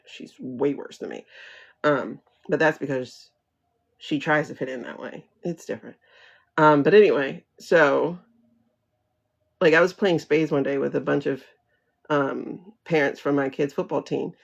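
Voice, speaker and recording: A woman's voice: sits low, vocal fry. A woman hosting a casual livestream chat, talking frankly and animatedly, with profanity and frequent laughter, reading viewer comments aloud and answering them. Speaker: livestream host. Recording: dull lo-fi livestream audio.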